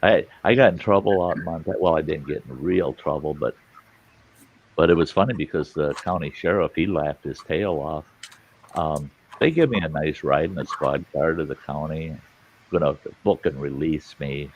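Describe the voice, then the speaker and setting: A man telling a story in casual chat, animated, cursing casually. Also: extremely low pitch, moderate pace, slightly rough, muffled recording.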